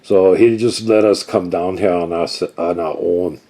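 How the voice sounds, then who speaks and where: Bold adventurer, loud drawn-out bluffing, as a man puts him on, mellow low voice. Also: steady tone. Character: bold male adventurer, blustering talker.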